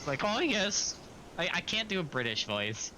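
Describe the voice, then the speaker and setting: A man's voice: medium pitch, big pitch swings, brisk, noisy background. A man streaming a video game, chatting casually and joking at his own expense. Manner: chatty, self-mocking, reads game dialogue aloud. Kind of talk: casual gameplay commentary.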